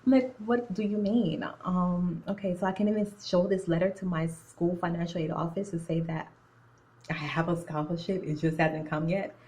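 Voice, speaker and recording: A young woman with a slightly low voice tells a story casually to her phone camera. She talks in a chatty, slangy way and slips in and out of an accent. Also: steady tone, moderate pace, a little mellow, rough recording. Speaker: nursing student. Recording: phone-recorded video.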